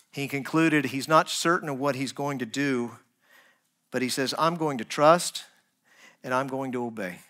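A man preaching a sermon as pastor, earnest, rising to emphatic points and dropping to soft, quiet asides. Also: medium pitch. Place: church.

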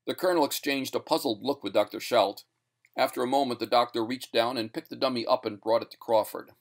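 A man giving a scripted narration of a short story with a steady storytelling delivery. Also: mid-range voice, a little fast, gravelly.

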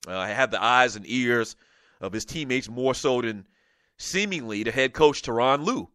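A man's voice: medium pitch, measured pace, no echo. A middle-aged man from South Carolina with a light Gullah Geechee accent, hosting a casual sports talk show and joking as he reads viewer comments. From South Carolina low country near Charleston. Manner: animated, joking, laughs often. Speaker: show host. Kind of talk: casual sports talk, reading live chat.

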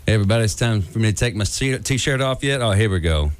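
A man's voice: fairly low pitch, lively intonation, quick pace, clean tone, natural voice. Man doing a lazy drawling Texan charmer. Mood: laid-back. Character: laid-back drawling Texan man, flirty. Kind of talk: impression on radio.

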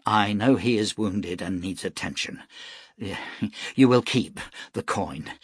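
A man's voice: on the low side, takes it slowly, husky, dry recording. A man reading aloud plays a fussy, stammering innkeeper who pushes his point. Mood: eager. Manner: flustered, stammering, pushy. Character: excitable, fussy male innkeeper.

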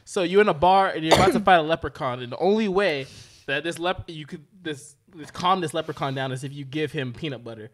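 A man co-hosting a podcast, joking and pitching silly improv scenes in casual banter. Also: fast talker. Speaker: podcast co-host.

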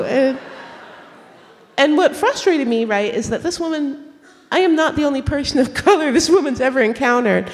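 A woman author in a stage conversation, telling stories in an animated way, laughing and acting out the people she quotes. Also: high-pitched, moderate pace. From United States. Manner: animated, laughing storyteller who acts out quotes. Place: auditorium stage. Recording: long hall reverb from a public event.

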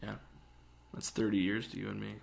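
A young man co-hosting a podcast, talking in a rambling, animated way. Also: lowish voice, fairly quick, creaky. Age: young adult. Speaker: podcast co-host. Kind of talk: casual chat.

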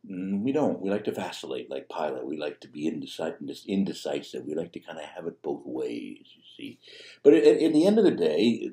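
A man's voice: low-pitched, warm tone. A man preaching a sermon as a priest, talking conversationally with fillers and restarts. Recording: echoey room.

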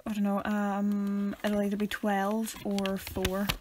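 A young woman co-hosting a podcast, teasing with dry, deadpan one-liners. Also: mid-range voice, slow, slight background noise. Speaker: podcast co-host. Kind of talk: casual chat.

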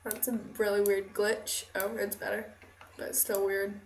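A woman's voice: mid-range voice, little pitch movement, normal speed, a little hiss or hum. A woman chatting casually over gameplay at home, giggly and rambling, often second-guessing herself. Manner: giggly, rambling, self-conscious. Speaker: let's play host. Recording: echoey room.

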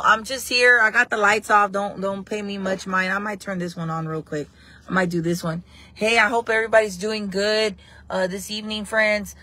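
A woman's voice: mid-range voice, pushed and bright. A woman hosting a casual live stream, chatting and rambling to her viewers, often repeating herself.

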